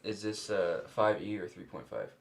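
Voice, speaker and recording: A man's voice: low voice, normal speed, vocal fry. A man co-hosting a podcast, chiming in with wry jokes and side comments. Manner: wry, joking interjections. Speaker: podcast co-host. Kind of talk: casual chat.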